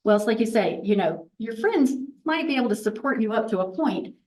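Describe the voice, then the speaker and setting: A woman's voice: a little high, animated, a little fast, a little mellow, recorded from a distance, poor audio. A woman of about sixty, a physician, gives a candid, chatty conference talk full of restarts and self-deprecating asides. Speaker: physician presenter.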